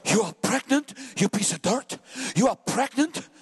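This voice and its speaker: A man's voice: extremely high pitch, animated, measured pace, slightly rough, full character voice. A male preacher voicing an exasperated young husband who fires off incredulous, scornful questions.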